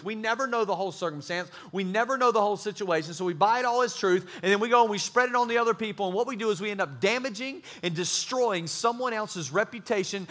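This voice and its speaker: Animated, bright-voiced male youth preacher. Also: high voice. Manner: animated, joking, acts out quick dialogue. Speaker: youth pastor. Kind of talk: sermon.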